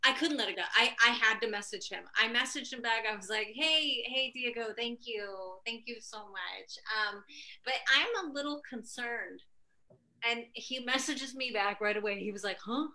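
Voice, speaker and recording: A young woman tells a stand-up set over a video call, with a high voice. Her tone is bright and sharp. She is animated and profane and laughs through her own stories. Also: moderate pace. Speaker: stand-up comedian.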